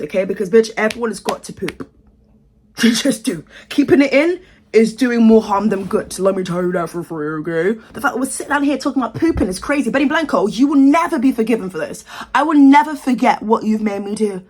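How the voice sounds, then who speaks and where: A young British woman rants about celebrity gossip in a sassy, exaggerated vlog voice. Her tone is husky and a little breathy, sitting fairly high for a woman. She sounds outraged and theatrical, playing her reactions up for the camera. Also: brisk. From United Kingdom. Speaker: commentary vlogger. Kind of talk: ranting celebrity commentary.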